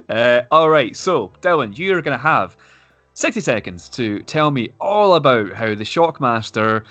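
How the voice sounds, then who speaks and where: Male podcast co-host, relaxed game-host patter, dry close sound. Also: mid-range voice, takes it slowly, no echo, soft background music. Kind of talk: casual podcast chat.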